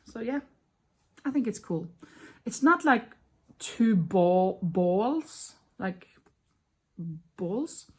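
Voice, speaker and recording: A woman in her fifties whose first language is Norwegian talks her way through a craft project in a relaxed vlog. She thinks out loud, corrects her own words and chats to the viewer as she works. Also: fairly high pitch, takes it slowly, long pauses, breathy edge. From Norway. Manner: chatty, thinks aloud, self-correcting. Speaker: crochet vlogger.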